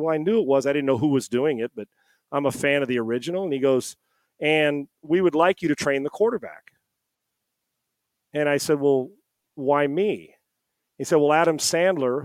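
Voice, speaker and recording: Animated middle-aged man telling stories. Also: a little high, dry recording. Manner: animated storyteller, acts out quoted dialogue. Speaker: podcast guest. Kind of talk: casual storytelling. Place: home. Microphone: headset.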